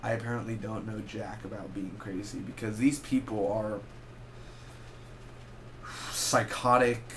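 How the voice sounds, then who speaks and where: A young man with a voice on the low side gives a casual spoken movie review, with slight background noise. He rambles and corrects himself as he goes, animated and full of quick asides.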